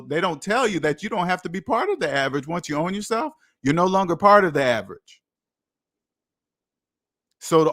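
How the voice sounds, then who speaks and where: A man's voice: sits high, fairly bright tone, dry recording, clean studio sound. A man hosting his own channel, giving a repetitive, emphatic casual monologue. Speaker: channel host.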